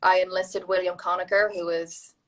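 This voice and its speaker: Woman, Irish accent, interview guest, animated storyteller, mimics others. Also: lowish voice, normal speed. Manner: animated storytelling, acts out quoted people. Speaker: actor, guest. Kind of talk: casual interview chat.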